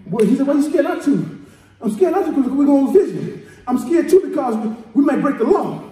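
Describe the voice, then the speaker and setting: A male pastor preaching a sermon with rhythmic repetition and call-and-response, rising to shouts at the peaks. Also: very high voice, lively intonation, fast. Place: church sanctuary. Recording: echoey church hall, mic at a distance.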